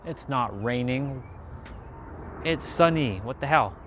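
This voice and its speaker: A man talks casually to his livestream from outside in a yard, at an ordinary middle pitch. His talk is chatty and rambling, drifting from thought to thought with an encouraging tone. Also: expressive, takes it slowly, fairly bright tone, a little hiss or hum.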